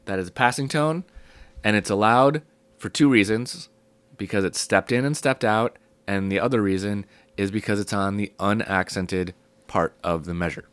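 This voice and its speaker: Low-voiced man teaching with a cold. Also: normal speed, clear, resonant tone, dry recording. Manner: relaxed, explaining step by step with many ums. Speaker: music theory teacher. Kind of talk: casual spoken lesson.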